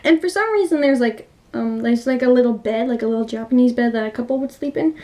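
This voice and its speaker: A woman's voice: on the high side, fast talker, darkish tone. Young woman gushing through a movie recap. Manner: gushing, filler-heavy storytelling. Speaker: movie reviewer.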